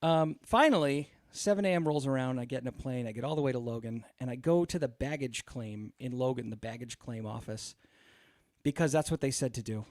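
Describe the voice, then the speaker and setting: A man's voice: medium pitch, a little fast, darkish tone, no echo, studio quality. A man hosting a podcast, telling a long, exasperated story in a casual, profane way full of fillers. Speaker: podcast host.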